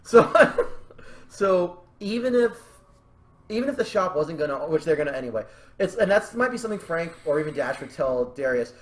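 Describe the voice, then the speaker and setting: Podcast host: excitable young man, slightly high voice, rambles, restarts, laughs a lot. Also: fast talker. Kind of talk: casual creative brainstorming chat.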